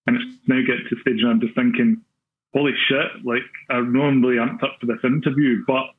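A man's voice: mid-range voice, little pitch movement, a little fast, breathy edge. A young Scottish man with a Glaswegian accent, telling a long story casually as a podcast guest, full of fillers and self-deprecating asides. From Scotland. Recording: tinny phone-like line.

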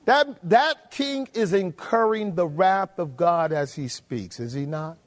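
High-voiced emphatic preacher. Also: male voice, expressive, slow pace. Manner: emphatic, rhetorical questions to the congregation. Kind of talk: sermon. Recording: long hall reverb.

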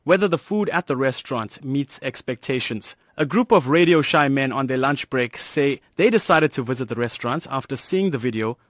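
A man's voice: mid-range voice, lively intonation, moderate pace, hardly any pauses, dry recording. A male news reporter narrating a light feature in a polished, upbeat way.

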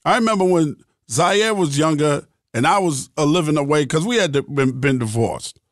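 A man's voice: fairly high pitch, expressive, normal speed, no echo, clean studio sound. A middle-aged man hosting a podcast, talking in a blunt, profane and emphatic monologue. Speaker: podcast host.

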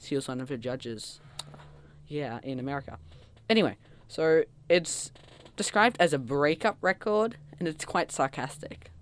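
A podcast co-host in casual chat, talking fast and bursting into loud mock quotes. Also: mid-range voice. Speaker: podcast co-host reviewing an album.

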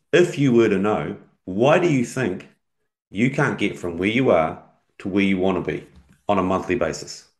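A man's voice: lowish voice, echoey room. A man, a business coach, talking in a casual podcast conversation and acting out his talks with clients. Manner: animated storyteller who acts out client dialogues.

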